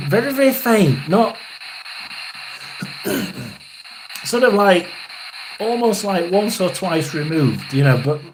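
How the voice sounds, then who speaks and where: A man in his sixties doing a live tarot and spirit reading as a psychic medium, halting and rambling, often clearing his throat. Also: high voice, lively intonation, background noise.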